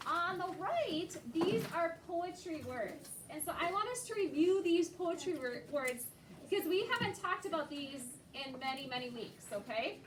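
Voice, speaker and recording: A woman's voice: very high-pitched, lively intonation, normal speed. A woman teaching a second-grade class, patiently prompting students by name with questions. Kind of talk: classroom instruction. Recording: echoey classroom, distant noisy mic.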